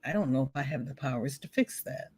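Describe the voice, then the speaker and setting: A woman's voice: rumbling low, animated, fast, gravelly, darkish tone, slightly rough. A woman hosting a crochet livestream, chatting casually and greeting viewers by name, with folksy exclamations.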